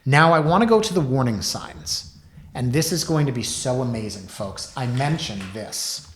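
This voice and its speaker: A man in his forties hosting a talk show, telling stories with sarcastic asides and lively emphasis. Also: medium pitch, moderate pace, roomy sound. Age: 40s. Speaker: host. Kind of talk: casual monologue.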